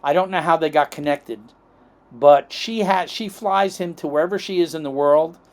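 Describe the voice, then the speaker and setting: His voice is a little high and moves at a normal speed. A middle-aged man from the United States, he's a chiropractic podcast guest who rambles through long stories, playing out the dialogue and tossing in "okay?" and "right?"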